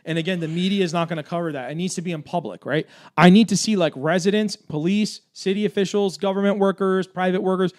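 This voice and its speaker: A man hosting a livestream, reading viewer comments aloud and answering them in an energetic, argumentative way, with many fillers. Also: high-pitched, fast talker, few pauses. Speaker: livestream host for a gun rights group.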